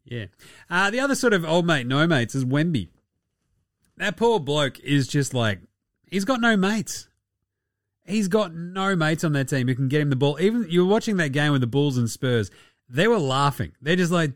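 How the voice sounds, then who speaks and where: A man's voice: on the high side, expressive, normal speed, no room sound, clean studio sound. An Australian man hosting a casual sports podcast, talking in a rowdy, profane and mocking way. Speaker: podcast host.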